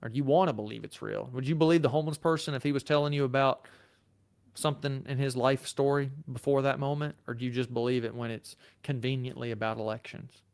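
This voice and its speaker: Southern male lawyer, livestream host, chatty and off the cuff, smooth resonant tone. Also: medium pitch, fairly even intonation, fast talker, a little mellow. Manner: casual and chatty, thinks aloud with fillers and restarts. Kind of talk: live Q&A, reading viewer comments.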